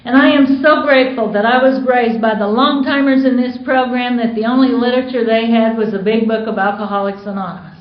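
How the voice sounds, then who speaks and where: A woman's voice: fairly high pitch, steady tone, fairly quick, few pauses. A woman from the United States sharing her story at a recovery meeting, candid and storytelling, acting out quoted dialogue. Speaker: Al-Anon speaker. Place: meeting hall. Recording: roomy dull conference recording.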